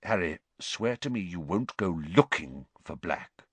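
A man voicing an anxious, serious middle-aged father who speaks quietly, tensely and in a hurry. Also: deep voice, expressive, measured pace, husky, no room sound, full character voice. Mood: urgent, hushed.

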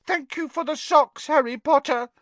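A high timid male house elf. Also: normal speed, a bit bright, dry recording. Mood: miserable. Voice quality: high eager voice, speaks of himself by name. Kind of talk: audiobook character voice.

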